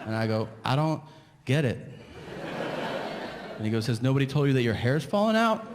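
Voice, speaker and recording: A man's voice: medium pitch, animated, brisk, long pauses, slight background noise. Ranting man doing stand-up in a theater. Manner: ranting storyteller, acts out both sides of dialogues. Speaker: stand-up comedian. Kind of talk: stand-up comedy set. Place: large theater stage. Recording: live venue reverb with crowd. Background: audience laughter.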